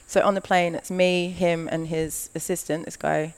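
A woman tells a long personal story as a podcast guest, her voice carrying a gravelly, creaky texture. She talks fast and loose, filling her speech with "like" and slipping into the voices of the people in the story. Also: lowish voice. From Australia. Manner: animated storytelling, acts out quoted lines, frequent "like". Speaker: guest, model. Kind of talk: casual storytelling chat.

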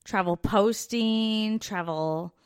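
A woman's voice: medium pitch, takes it slowly, clean tone, no room sound, clean studio sound. A Canadian woman co-hosting a podcast, chatty and self-deprecating in casual talk. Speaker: podcast co-host. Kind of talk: casual chat.

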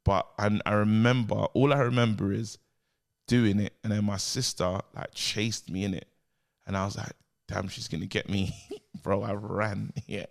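A man's voice: fairly low pitch, moderate pace, creaky. A man, co-hosting a casual podcast, tells a childhood story with lots of laughter and acted-out quotes. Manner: animated, laughs often, acts out quotes. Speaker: podcast co-host.

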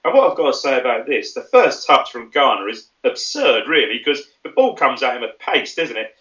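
A man's voice: medium pitch, big pitch swings, fairly quick, fairly bright tone. A man co-hosting a football podcast, talking through a match in a chatty way, thinking aloud and laughing often. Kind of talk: casual match analysis chat. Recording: roomy, distant and dull.

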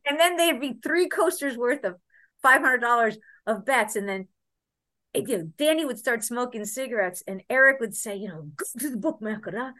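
Bright, high-voiced woman in her 60s. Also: moderate pace. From Connecticut, USA. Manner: animated, laughing, swears freely. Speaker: guest, former cycling soigneur. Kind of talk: anecdotal interview storytelling.

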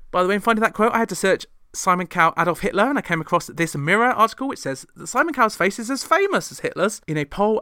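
A man's voice: on the high side, pushed and bright, clear, resonant tone, dry recording, studio quality. A man hosting a chatty pop chart commentary with wry, sarcastic asides. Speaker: host.

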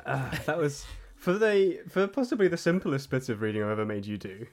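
A man's voice: mid-range voice, expressive, brisk. A man hosting a comedy podcast, teasing his co-hosts with mock exasperation and frequent stammering restarts. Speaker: podcast host. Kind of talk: casual comedic chat.

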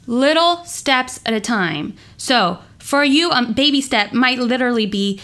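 A woman yoga teacher talking with passion and emphasis in a podcast interview, often jumping up in pitch. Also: unhurried. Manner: passionate, emphatic, swings high and animated.

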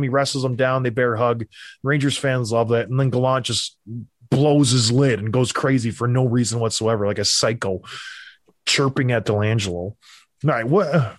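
A man who used to play hockey, hosting a casual sports talk show and giving animated, opinionated rants. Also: mid-range voice, no room sound, studio quality. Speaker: podcast host, former hockey player.

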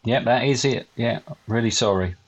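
A middle-aged man co-hosting a comedy podcast with his son, reading listener letters in a dry, deadpan, self-mocking way. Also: medium pitch, normal speed, a little hiss or hum. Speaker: podcast co-host, father of co-host. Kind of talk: casual comedy podcast chat.

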